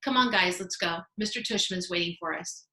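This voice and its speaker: A woman voicing a calm, protective older schoolboy in an easygoing tone. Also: on the low side, fairly quick. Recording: roomy echo.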